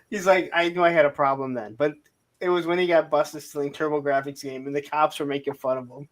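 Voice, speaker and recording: A man's voice: on the high side, fairly even intonation, normal speed. A man co-hosting a casual live stream, telling long rambling anecdotes, acting out other people's lines and laughing often. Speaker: co-host of a toy live stream. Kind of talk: casual storytelling chat. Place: home setup on a live stream. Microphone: streaming mic.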